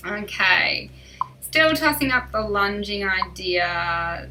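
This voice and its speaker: A woman's voice: mid-range voice, slow pace, recorded from a distance, noisy background. Upbeat woman coach answering live questions. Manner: chatty, upbeat, reads out and answers viewer questions. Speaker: riding coach. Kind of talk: live-stream Q&A.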